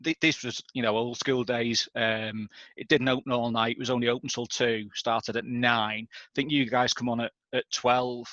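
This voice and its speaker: A middle-aged man, a DJ, reminiscing in relaxed, conversational chat. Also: medium pitch, normal speed, no echo, muffled recording. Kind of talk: casual chat.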